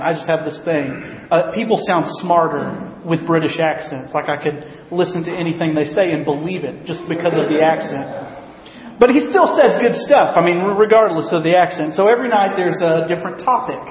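A man giving a casual sermon to his congregation, talking in a conversational, joking way with frequent ums and you-knows. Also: a little high. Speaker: pastor. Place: church worship gathering hall. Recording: dull, roomy hall recording.

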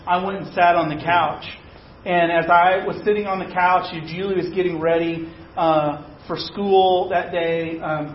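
A man's voice: a little high, a little hiss or hum. A man preaching, telling a personal story in a conversational, self-deprecating way. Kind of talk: sermon storytelling. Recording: echoey, dull-sounding room recording.

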